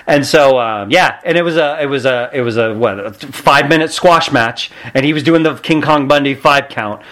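A man who is a podcast guest and pro wrestler, telling stories in an animated way and acting out the people he quotes. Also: mid-range voice, moderate pace. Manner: acts out quotes with loud shouts and shifts. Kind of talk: animated storytelling.

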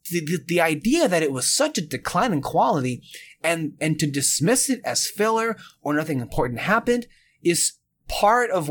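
A man co-hosting a podcast, chatting casually and ranting with animated annoyance. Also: on the high side. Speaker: podcast co-host.

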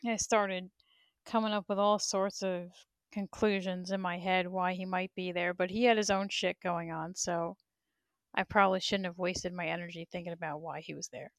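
A woman's voice: on the low side, steady tone, normal speed, dry recording, studio quality. A woman in her thirties, a bit out of breath, venting bluntly with lots of swearing on a casual livestream. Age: 30s. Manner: blunt, profane storytelling.

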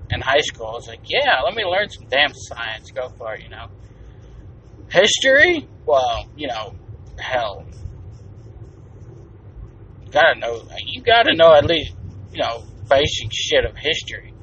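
A man's voice: medium pitch, sing-song, a little slow, pauses often, a bit bright. A man hosting his own podcast, ranting bluntly and profanely in a rambling, casual way. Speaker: podcast host. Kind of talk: casual solo podcast rant. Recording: distant, dull lo-fi mic with faint noise.

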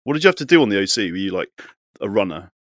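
A man's voice: lowish voice, very animated, very fast, no room sound, clean studio sound. A man in his forties hosting a podcast, upbeat and teasing in casual chat. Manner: upbeat, teasing, prompts others. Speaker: podcast host.

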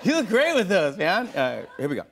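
Excitable laughing talk show host. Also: male voice, sits high, fast talker, slight background noise. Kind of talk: playing a party guessing game.

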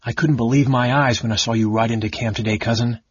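A man's voice: mid-range voice, fairly even intonation, fast, breathy edge, no room sound, lightly acted. A man reading the part of a grieving young nobleman and knight who turned bandit, speaking bitterly and grimly. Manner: bitter and grim. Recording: dull lo-fi recording.

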